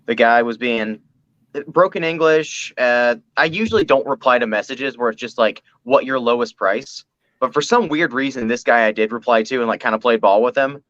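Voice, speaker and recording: A man, a podcast guest, telling an anecdote in a relaxed casual way. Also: mid-range voice, a little fast, hardly any pauses, dry recording, muffled recording. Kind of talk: casual chat, storytelling.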